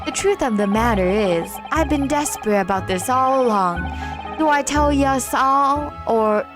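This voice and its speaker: A woman's voice: high-pitched, music in the background. A woman doing a drawling Southern witness. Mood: folksy, evasive. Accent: put-on American Southern. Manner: slow, drawn-out folksy speech. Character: shifty male witness, folksy drawl.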